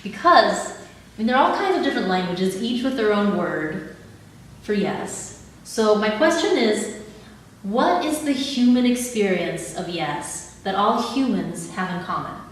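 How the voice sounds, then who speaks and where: A woman leading a live audience through body exercises in a calm, instructive way, laughing easily. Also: medium pitch, measured pace. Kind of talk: live talk with guided exercises. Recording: echoey hall, mic at a distance, audible background noise.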